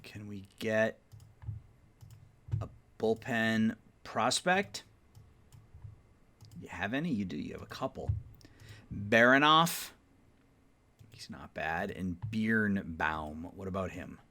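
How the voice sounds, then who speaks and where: Man, low-pitched, drowsy let's-play commentator mulling roster moves out loud. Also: sing-song, takes it slowly, pauses often. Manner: thinking aloud, sleepy, yawning often; mutters trade talk to the game's teams. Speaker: gaming YouTuber playing a baseball management sim.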